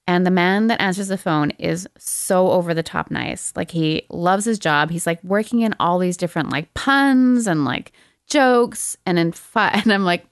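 A young adult woman co-hosting a podcast, telling a story in casual chat, animated and laughing often. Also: on the low side, moderate pace, no echo, studio quality. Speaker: podcast co-host.

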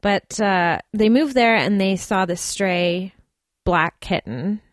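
Woman, mid pitch, dry close sound, playful chatty host. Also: slow, no room sound. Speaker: podcast host. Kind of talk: casual chat.

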